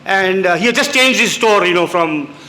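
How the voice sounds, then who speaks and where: A man in his sixties from India giving an anecdotal public lecture, telling stories with quoted voices and halting restarts, in a lecture hall. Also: high-pitched, expressive, bright, forceful tone, slight background noise. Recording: echoey hall.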